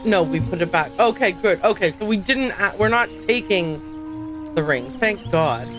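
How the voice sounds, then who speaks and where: A woman's voice: mid-range voice, animated, a little slow. A woman streamer chatting casually while playing a game, thinking aloud and poking fun at herself. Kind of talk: casual gameplay livestream commentary. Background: game music.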